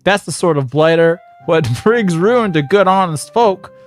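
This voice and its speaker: A man's voice: sits high, lively intonation, a little slow, faint music behind. A man voicing a brash, bossy young woman adventurer with a put-on British accent and chummy old-fashioned slang. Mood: scandalised.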